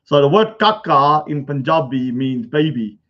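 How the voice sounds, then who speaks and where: A man rants in a casual vlog with a high, lively voice that swings all over. He mocks and swears in heated bursts. The sound is dull and lo-fi. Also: a little slow. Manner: mocking, heated, swears often. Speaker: vlogger. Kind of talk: ranting casual monologue. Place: bungalow room. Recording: dull lo-fi recording.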